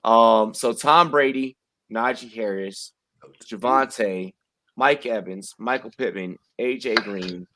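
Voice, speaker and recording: A man's voice: medium pitch, takes it slowly, noisy background. A man hosting a casual fantasy football stream, talking in a brash, profane, rambling way. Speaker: podcast host. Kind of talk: casual sports chat.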